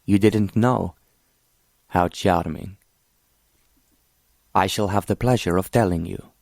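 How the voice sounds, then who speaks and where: A scheming prince, arrogant and cold, sneering at his captive in a very deep, low voice, as a man reads him. The delivery is mocking and condescending, recorded close and dry. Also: vocal fry, no room sound.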